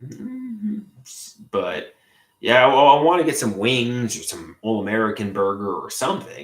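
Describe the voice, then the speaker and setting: A man's voice: medium pitch, big pitch swings, unhurried, echoey room. A man livestreaming from his room at home, rambling and swearing, often repeating himself. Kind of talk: rambling live stream monologue.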